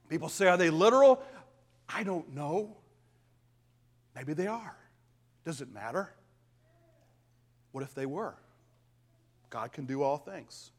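A man preaching a sermon as a pastor, swinging from hushed whispers to loud, emphatic declarations. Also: sits high. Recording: long reverb of a large hall.

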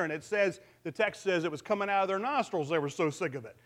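A man's voice: high voice, fast talker, few pauses, a bit bright. A man pastor giving a conversational sermon, asking the congregation questions and using humor.

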